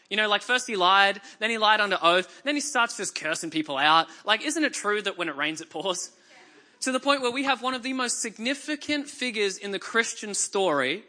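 Bright-voiced Australian preacher. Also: male voice, high voice. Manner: conversational and joking, reads scripture dramatically. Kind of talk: sermon. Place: church before a congregation.

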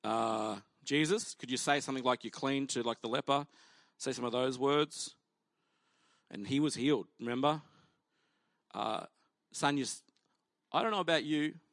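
A man's voice: mid-range voice, moderate pace, pauses often, a bit bright, no room sound. A male pastor preaching a sermon in a conversational, humorous way, acting out the people in the story as he tells it.

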